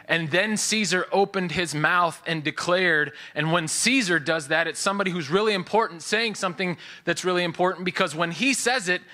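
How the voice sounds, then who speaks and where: A man preaching in a church with a bright, forceful tone. His voice sits a little high for a man. He explains things conversationally and drops in casual asides while he teaches. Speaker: pastor. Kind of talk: sermon.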